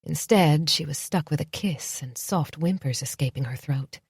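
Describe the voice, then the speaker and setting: A woman narrates a romance audiobook in a soft, intimate, measured way. Her voice sits very low and sounds husky. The recording is close and dry. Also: dry recording.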